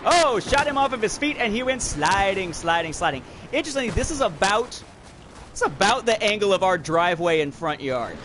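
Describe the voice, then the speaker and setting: Host: man in his thirties, rambly, talks to chat mid-match, bit high-pitched, game audio loud behind. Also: big pitch swings, brisk, noisy background. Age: 30s. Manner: rambling, talks to chat while playing a shooter. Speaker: livestream podcast host. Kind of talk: casual chat while gaming. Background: shooter game audio.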